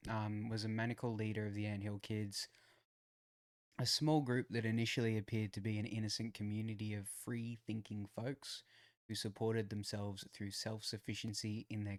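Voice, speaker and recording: Man, podcast co-host, casual chat, low voice, dry close sound, swears a lot. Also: no echo. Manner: laid-back, swearing, joking.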